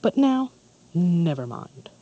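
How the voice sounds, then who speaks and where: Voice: mid-range voice, very animated, takes it slowly, warm tone, muffled recording. A narrator voicing a haughty vain prince. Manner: haughty, scornful.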